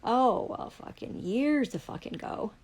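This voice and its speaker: A woman's voice: a little high, animated, measured pace, a little mellow, slightly rough, poor audio. A woman in a furious, heavily profane livestream rant. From Canada.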